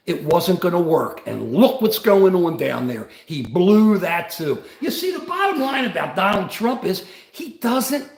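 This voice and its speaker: A man's voice: high voice, sing-song, unhurried, few pauses, echoey room. An older man and grandfather, host of a livestream, giving rambling, combative political commentary.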